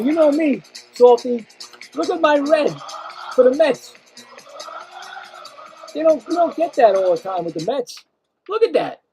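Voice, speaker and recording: With a very high voice, an excitable stream host calls the action play by play, venting about calls and talking straight to his audience.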